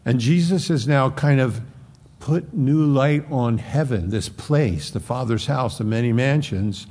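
A man preaching a sermon in a conversational, rambling way, with dramatic drops into soft, low tones. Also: measured pace.

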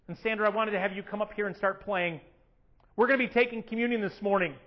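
High-pitched guy preaching in church, animated, bit of a muffled lo-fi sound. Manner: animated preaching, acting out prayers in a raised voice. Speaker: pastor. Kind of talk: sermon. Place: church sanctuary.

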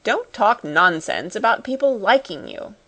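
A woman's voice: mid-range voice, expressive, measured pace, sharp tone. A woman reading the part of a stern, domineering schoolmistress in a storybook, with a cold, commanding, scolding manner.

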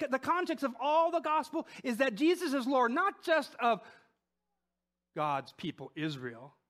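A man preaching a sermon in a conversational way, often asking "right?", swinging between loud emphatic peaks and soft low asides. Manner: conversational, with frequent rhetorical "right?".

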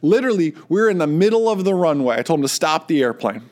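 A man's voice: a little high, big pitch swings, fast talker, a little mellow. A man who works as a flight instructor, talking casually to other instructors and telling stories from his teaching. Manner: storytelling, acts out quoted students.

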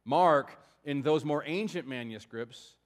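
A pastor preaching a sermon in a conversational, explanatory way, with asides to the congregation. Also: male voice, a little high, measured pace, big-room sound.

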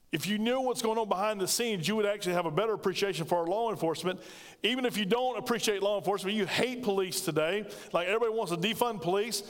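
A man's voice: sits high, big-room sound. A man, a pastor preaching an emphatic, conversational sermon that calls out to his congregation. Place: church sanctuary.

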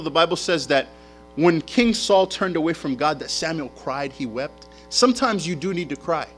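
A male pastor delivering a sermon, swinging into lively, slangy storytelling. His voice sits somewhat high for a man. Faint music plays underneath. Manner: animated storytelling with casual slang.

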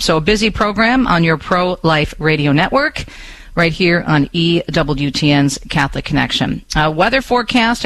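A man's voice: on the high side, vocal fry, fairly bright tone, no echo, rough recording. A man hosting a radio talk show, speaking with passion and rhetorical questions, adding chatty asides to listeners and reading the news into a studio microphone.

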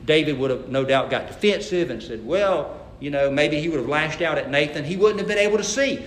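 A man's voice: high voice, fairly quick, fairly bright tone, reverberant. A man preaching a sermon, reading scripture dramatically and talking to the congregation in a folksy way. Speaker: pastor.

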